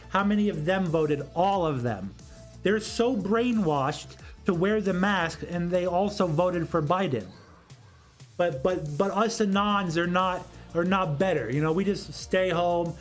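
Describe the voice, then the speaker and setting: A man with a high voice holds forth alone on a livestream, arguing with comments from chat. He rambles and circles back, repeating the same phrase twice or three times, with faint music playing behind him. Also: measured pace. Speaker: political commentary host.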